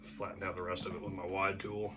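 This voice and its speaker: A fairly low-voiced man walks through a pottery demonstration in a relaxed, folksy manner, tossing in playful sound words as he works. He is recorded on a camera mic in his studio, with a faint hum of room ambience behind him. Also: a little fast. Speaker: potter teaching a class. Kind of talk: casual hands-on demonstration.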